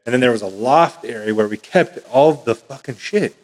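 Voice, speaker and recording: A man's voice: mid-range voice, expressive, brisk. A man co-hosting a casual podcast, laid-back and supportive, who chimes in with short reactions and tells his own anecdotes. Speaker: podcast co-host. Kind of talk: casual chat. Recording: long reverb.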